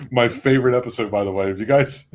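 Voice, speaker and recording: A man's voice: mid-range voice, a little fast. Podcast guy chatting loose, cackles a lot, swears, mid voice. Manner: laughs often, cackles, loose profane banter. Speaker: podcast co-host. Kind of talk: casual chat.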